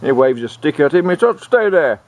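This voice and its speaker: A man's voice: a little high, big pitch swings, normal speed. A man voicing a bossy male gardener who barks accusations at an intruder. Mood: scolding. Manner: barking, accusing. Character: gruff middle-aged male gardener, bossy.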